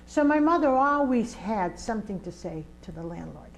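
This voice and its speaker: A woman's voice: medium pitch, sing-song, normal speed, a little hiss or hum, poor audio. Older woman telling a vivid story. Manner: vivid, emphatic storyteller who acts out scenes. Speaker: community organizer and trainer. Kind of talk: personal storytelling in an interview.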